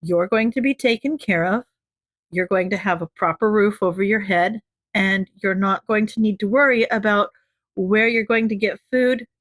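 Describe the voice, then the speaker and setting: A woman reading the part of a kind adult male teacher who soothes a frightened kid in a soft, reassuring way. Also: medium pitch, moderate pace, no room sound, natural voice. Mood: soothing.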